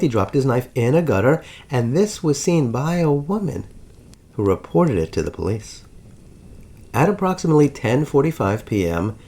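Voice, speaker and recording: A man narrating a dramatic history story as the host of his channel, with big swings in pitch and loudness.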